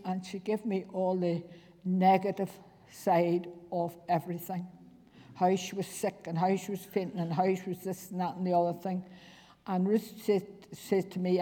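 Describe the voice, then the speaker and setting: A woman's voice: on the low side, warm tone. Northern Irish woman telling her testimony. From Northern Ireland. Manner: earnest storytelling with plain everyday phrasing. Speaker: church member giving testimony. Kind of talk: personal testimony. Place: church fellowship hall. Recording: reverberant church hall recording.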